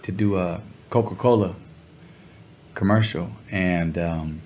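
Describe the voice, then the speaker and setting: A musician from the Los Angeles area, interviewed as a guest, tells a laid-back, slangy story and briefly acts out other people's voices. He speaks slowly in a low, a little mellow voice.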